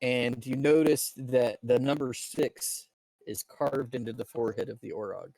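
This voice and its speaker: A man narrating as dungeon master of a tabletop game, descriptive and halting, with fillers and restarts. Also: mid-range voice, gravelly, darkish tone, no echo.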